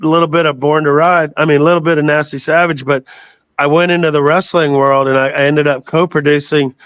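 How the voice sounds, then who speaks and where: A man's voice: fairly high pitch, steady tone, brisk, fairly bright tone, clean tone, no room sound. A man in his sixties from the United States, a guest telling long rambling stories in a casual interview and swearing freely. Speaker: guest, metal singer.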